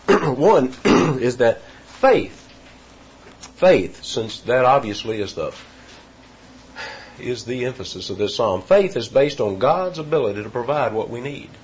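A man's voice: medium pitch, animated, unhurried, husky, highs cut off. A man preaching an expository sermon, teaching verse by verse with emphatic repetitions.

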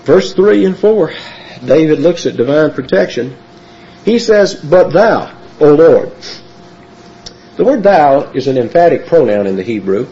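A man preaching a sermon and teaching from the Bible in an emphatic, animated way. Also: a little high, measured pace. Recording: muffled lo-fi recording.

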